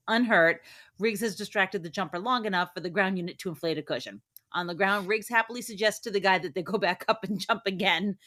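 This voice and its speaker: A woman co-hosting a movie podcast, recapping the plot in a steady, plain way. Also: mid-range voice. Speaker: podcast co-host. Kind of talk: reading a plot summary.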